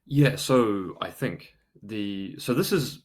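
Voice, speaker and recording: Male podcast host, low pitch, easygoing hedging delivery. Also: slow. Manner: relaxed, hedging with "you know" and "um". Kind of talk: casual chat.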